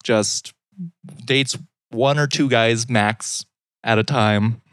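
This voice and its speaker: A man co-hosting a comedy podcast, trading wry, deadpan jokes in casual chat. His voice sits at a middle pitch. The sound is close and dry. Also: slow, clean tone, dry recording. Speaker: podcast co-host.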